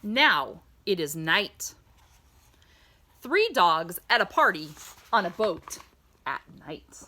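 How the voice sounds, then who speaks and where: A woman reading a children's picture book aloud in a sing-song storytime voice, pausing to ask the listener questions. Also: lowish voice, sing-song, sharp tone.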